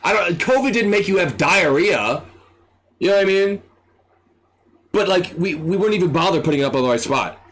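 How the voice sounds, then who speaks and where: A young man tells a story casually, his voice climbing and falling with lively energy. He sits a little high in pitch for a man and acts out what people said. He swears freely. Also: a little fast, pauses often. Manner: animated, excitable, swears freely, acts out quotes. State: dry throat. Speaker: streamer.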